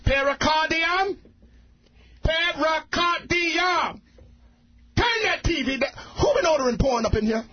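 A man voicing a loud, scolding Southern father who yells at his children, with a brash hollering delivery and a Southern accent. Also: extremely high pitch, huge pitch swings, normal speed, slight background noise, exaggerated voice. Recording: dull radio audio with crowd.

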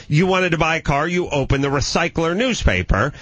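Animated man telling a comic story. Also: brisk, no echo. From the San Fernando Valley, California. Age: 30s. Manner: animated, jumps to shrill incredulous shrieks when acting out his disbelief. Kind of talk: casual comedic storytelling.

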